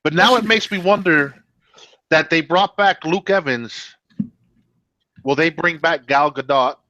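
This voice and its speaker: A man's voice: fairly high pitch, unhurried, sharp tone. A man co-hosting a casual movie review chat, joking and laughing often.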